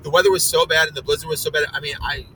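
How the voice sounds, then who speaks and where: A man's voice: on the high side, steady tone, rapid-fire, distant mic, background noise. A middle-aged man telling a long story in casual chat, rambling with fillers and restarts.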